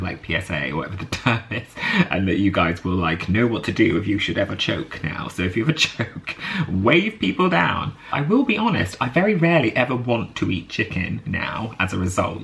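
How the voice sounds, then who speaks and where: A British vlogger tells a story to camera in a chatty, rambling way, laughing often and using lots of fillers. His voice is low and a bit bright with vocal fry, and he talks briskly.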